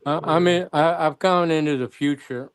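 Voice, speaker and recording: A man's voice: a little high, normal speed, clean tone, no echo. A man from Florida making brief, laid-back remarks in a casual livestream chat. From Florida, USA.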